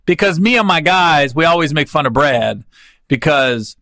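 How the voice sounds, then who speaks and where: A comedian hosting his podcast, spinning rambling road stories in loose slang. His voice is bright and fairly high, and it swings up and down with lots of life. The sound is close and dry. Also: normal speed, no echo. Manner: animated, slangy, rambling with restarts. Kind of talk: casual comic storytelling.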